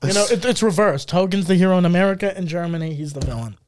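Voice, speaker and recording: A man co-hosting a casual podcast chat, an animated storyteller who slips into mimicked accents and voices. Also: sits high, quick pace, no echo, studio quality. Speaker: podcast co-host.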